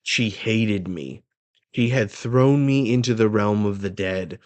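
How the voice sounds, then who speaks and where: A bitter, violent young giant, read aloud by a man in his own voice. The lines come low and slow, flat rather than acted.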